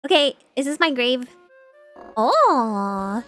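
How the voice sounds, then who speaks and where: A woman streamer chats casually while she plays, excitable and quick to giggle. Her voice sits high and bright. Faint music plays behind her. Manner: excitable, giggly, chatty with viewers. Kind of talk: casual game stream chat.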